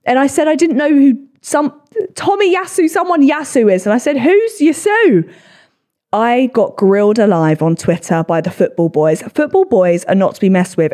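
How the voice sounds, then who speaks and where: A woman in her twenties with a low voice, hosting a solo podcast and reading comments with sarcastic, sweary, self-deprecating chat. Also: a little mellow. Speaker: podcast host.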